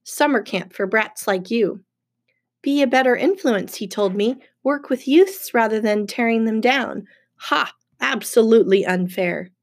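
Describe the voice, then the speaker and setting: A woman's voice: on the high side, lively intonation, moderate pace. A pompous male wine god, sulky and condescending in an audiobook reading, as a woman reads him. He drawls his complaints with a bored, whiny sneer. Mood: petulant.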